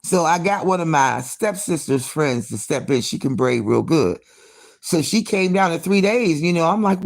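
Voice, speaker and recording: An animated woman spinning a story in casual, salty talk, swearing freely and turning to her listeners with asides. She acts out the dialogue, her voice jumping up high for the quoted lines. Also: normal speed, vocal fry. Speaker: hair salon owner. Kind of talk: casual storytelling on a live stream.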